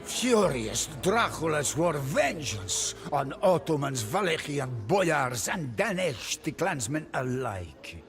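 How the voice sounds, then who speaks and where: A man giving scripted, measured story narration for a game cutscene. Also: on the high side, sing-song, a bit bright, soft background music.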